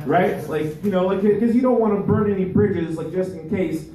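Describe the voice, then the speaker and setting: A male stand-up comedian performing a live set, rambling and halting, with many restarts. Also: high voice, mellow. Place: live comedy venue with audience. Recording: echoey room, voice far from mic.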